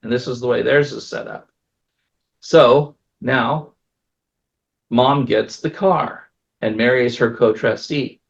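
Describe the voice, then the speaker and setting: An estate planning attorney gives a casual seminar talk, telling stories packed with fillers. His mid-range voice is slow and creaky, and he pauses often. The recording is dull and lo-fi.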